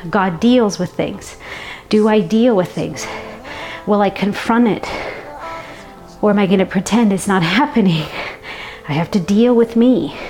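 A woman preaching a sermon in a reflective, earnest way, breaking into soft laughs now and then. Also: mid-range voice.

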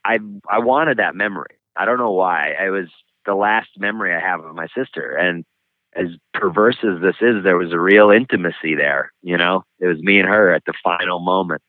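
A man speaking frankly and reflectively as an author being interviewed, pausing often as he talks. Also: low voice, no room sound. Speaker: author and guest. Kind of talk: candid interview conversation. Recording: tinny phone-like line, dry.

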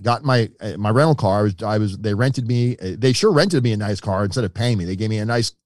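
A man's voice: on the low side, quick pace, no room sound, clean studio sound. A middle-aged man, a podcast guest telling his own story and acting out the voices of the people in it. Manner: animated storyteller, acts out quoted voices. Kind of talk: storytelling in an interview.

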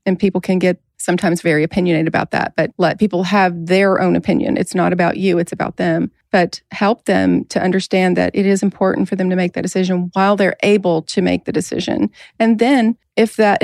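A woman's voice: on the low side, vocal fry, darkish tone, dry recording, clean studio sound. A woman hosting a casual podcast, talking earnestly and laughing often. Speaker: podcast host.

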